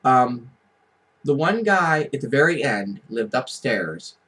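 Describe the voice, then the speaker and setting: A man telling casual, rambling stories straight to the camera. He talks in a chatty, offhand way and laughs at his own punchlines. His voice sits at an ordinary middle pitch. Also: big pitch swings, slow pace, bright, forceful tone, husky, rough recording. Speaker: vlogger. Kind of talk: casual storytelling.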